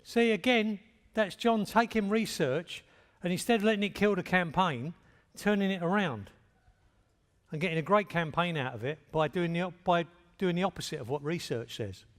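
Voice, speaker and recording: A man's voice: high-pitched, moderate pace, fairly bright tone. Plainspoken older man telling stories. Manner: plainspoken storytelling. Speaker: speaker at a talk. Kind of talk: anecdotal lecture. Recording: long reverb of a large hall.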